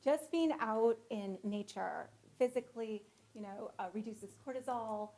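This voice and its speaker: A woman's voice: on the high side, unhurried, dark tone, low-quality recording. A woman school guidance counselor presenting at a board meeting, emotional and close to tears. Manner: emotional, gets choked up. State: teary.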